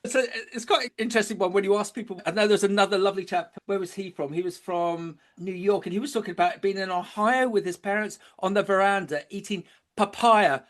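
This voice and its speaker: A man's voice: sits high, brisk. A man, a guest on a podcast, telling stories with enthusiasm and frequent restarts. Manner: enthusiastic storyteller, many restarts. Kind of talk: podcast interview.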